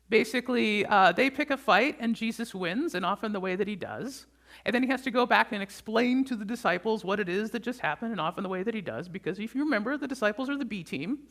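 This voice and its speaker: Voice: medium pitch, fairly bright tone. Pastor preaching casually, voice bouncing up and down a lot, keeps asking "right?". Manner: chatty, often checks in with the congregation with a 'right?'. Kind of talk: conversational sermon.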